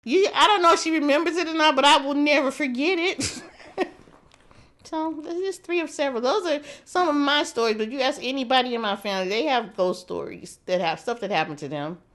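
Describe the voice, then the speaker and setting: A woman's voice: high-pitched, a little fast, a bit bright. A middle-aged woman from St. Louis telling a personal ghost story in a casual, conversational way, with restarts and pointing out places as she goes. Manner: conversational, restarts and describes with gestures. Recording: music underneath.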